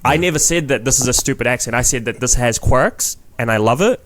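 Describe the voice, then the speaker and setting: A man's voice: medium pitch, a little fast, a bit bright, a little hiss or hum. A young man with a New Zealand accent, a comedian guest on a podcast, talking frankly and rambling, swearing freely in casual chat.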